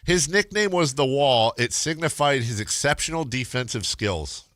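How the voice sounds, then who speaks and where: A man hosting sports radio in casual, playful banter. His voice is bright and swings widely in pitch. The booth sounds dry and close. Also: lively intonation, dry recording. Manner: playful, riffing, quick to laugh.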